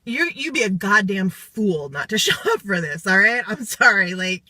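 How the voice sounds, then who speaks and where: A woman's voice: medium pitch, animated, normal speed, sharp tone, dry recording. Intense, emotional woman swearing freely. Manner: swearing, intense, near tears. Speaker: retreat participant giving a testimonial. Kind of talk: emotional live video testimonial.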